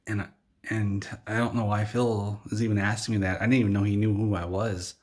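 A man with a somewhat low voice tells a silly story in a deadpan manner. He keeps his delivery plain and matter-of-fact. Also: brisk. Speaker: comedy storyteller.

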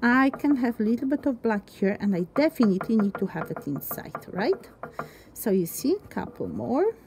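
Woman art teacher, chatty and encouraging, fairly high voice, faint hiss behind. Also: big pitch swings, normal speed, creaky. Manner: chatty, encouraging, thinks aloud while drawing. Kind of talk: step-by-step art demonstration.

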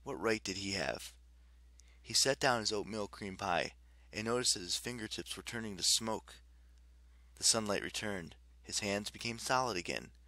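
A man narrating a fantasy novel as an audiobook in a steady storytelling delivery. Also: lowish voice, no room sound.

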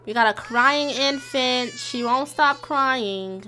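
Playing a life-sim game, a young woman streamer offers casual Let's Play commentary, squealing, laughing, and talking right to her viewers in a chatty, dramatic way. Her voice is high, bright, and forceful. She takes it slowly yet hardly pauses.

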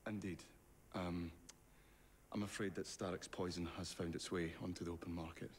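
An actor playing a courteous Victorian inventor in a game cutscene, speaking in a formal, measured way. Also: male voice, deep voice, flat delivery, slight background noise, lightly acted. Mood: gracious. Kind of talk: video game cutscene dialogue. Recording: game cutscene with loud score.

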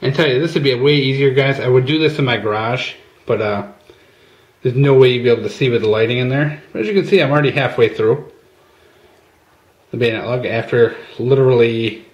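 A man's voice: mid-range voice, highs cut off. Casual chatty man in an echoey space. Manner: chatty, addresses viewers as guys, many fillers. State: out of breath at times. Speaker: channel host. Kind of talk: casual how-to demonstration. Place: outdoors at a workbench. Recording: echoey with faint ambient noise.

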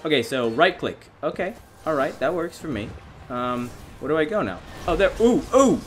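A young man giving excitable, self-mocking gameplay commentary as a gaming YouTuber, often laughing at himself. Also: fairly high pitch, normal speed.

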